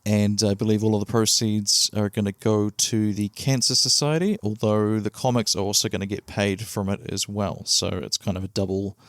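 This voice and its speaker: A man's voice: fairly low pitch, steady tone, moderate pace, few pauses, no echo, clean studio sound. A man with a New Zealand accent hosting his own podcast solo, talking casually and rambling a little with fillers. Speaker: podcast host.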